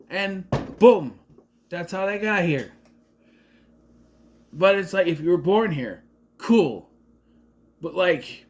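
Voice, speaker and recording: Lively, rambling man with a raised voice. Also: sits high, slight background noise. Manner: rambling, sarcastic, self-interrupting. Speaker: movie reviewer. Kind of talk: casual rambling commentary.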